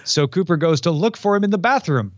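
A man's voice: high voice, expressive, brisk, dry recording, muffled recording. A man co-hosting a podcast, summarizing a TV plot in casual chat with dry asides. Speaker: podcast co-host. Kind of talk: casual chat recapping a TV series.

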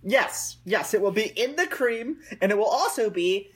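A man co-hosting a comedy podcast, delivering a mock sales pitch with hesitant ums. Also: expressive, normal speed, fairly bright tone, husky. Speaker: podcast co-host.

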